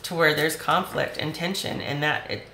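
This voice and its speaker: Hoarse, gravelly woman reading tarot. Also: deep voice, fairly even intonation, normal speed, sharp tone, roomy sound, slight background noise, rough recording. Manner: chatty, reassuring, talks straight to the viewer. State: voice going hoarse. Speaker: tarot reader.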